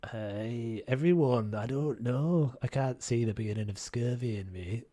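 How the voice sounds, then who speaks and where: A man's voice: mid-range voice, a little slow, mellow, no echo, studio quality, lightly acted. A man reading game lines aloud in a put-on voice for a fretful male crash survivor, stammering as he goes. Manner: hammy, stammering read-aloud.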